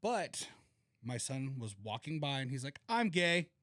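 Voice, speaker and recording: A man's voice: mid-range voice, lively intonation, measured pace, no echo, studio quality. A man co-hosting a podcast in casual chat, telling stories with lots of swearing and laughter. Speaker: podcast co-host.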